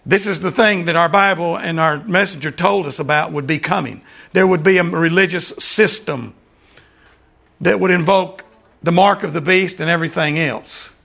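An older man preaching a sermon and then praying, earnest, often calling the listeners "friends" and dropping into soft asides. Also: a little high, normal speed. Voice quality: gravelly. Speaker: lay preacher. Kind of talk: sermon and prayer.

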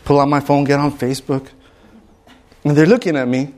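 Male preacher, fairly high voice, lively storyteller who acts out every character. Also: fairly quick. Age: adult. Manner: animated storyteller, acts out dialogue in shifting voices. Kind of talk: sermon with storytelling.

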